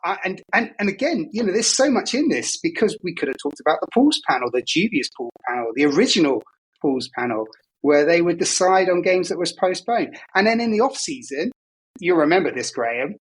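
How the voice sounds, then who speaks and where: Husky-edged male co-host, conversational and jokey. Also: a little high, very animated, brisk, rough recording. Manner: conversational, jokey, self-deprecating. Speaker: podcast co-host, data pundit. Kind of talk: casual chat. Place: travelling abroad.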